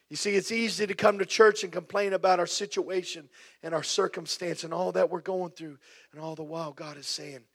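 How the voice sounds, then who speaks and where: A man's voice: high-pitched, fairly bright tone. A middle-aged man preaching a sermon and leading prayer, with a fervent, repetitive cadence. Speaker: pastor.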